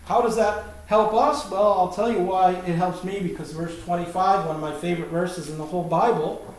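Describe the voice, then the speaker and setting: Man, preacher, explains Scripture emphatically; high voice, distant mic. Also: steady tone, normal speed. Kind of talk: Bible teaching sermon. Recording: very echoey room, mic far off.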